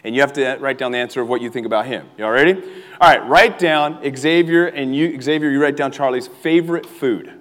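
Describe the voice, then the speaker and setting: A young man preaching an energetic sermon as a youth pastor, animated and laughing often as he calls on the crowd to respond. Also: mid-range voice, brisk. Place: church hall with a live audience. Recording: reverberant hall.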